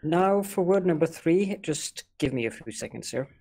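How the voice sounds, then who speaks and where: A man from Norway co-hosting a casual podcast. He picks his words carefully and sounds slightly formal, pausing on hesitant fillers as he goes. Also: a little high, animated, vocal fry, mellow, breathy edge. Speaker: podcast co-host. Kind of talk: casual chat.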